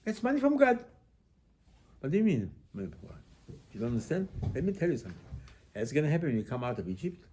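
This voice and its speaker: Man, rabbi, lively sermon delivery with rhetorical questions and voiced-out quotes. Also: on the high side, quick pace, long pauses.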